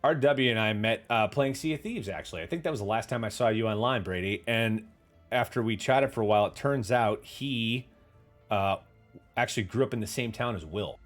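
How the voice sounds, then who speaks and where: Low-voiced man, rambling casual host. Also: fairly quick, faint music behind. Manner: rambling storyteller, casual swearing; reads and answers viewer chat aloud. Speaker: podcast host. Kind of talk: casual livestream chat.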